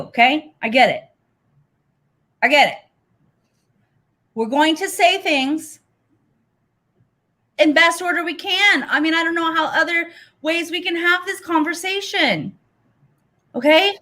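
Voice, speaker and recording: A woman's voice: high voice, bright, forceful tone. A woman hosting a heated live stream, pleading with guests to stay on track and swearing under strain.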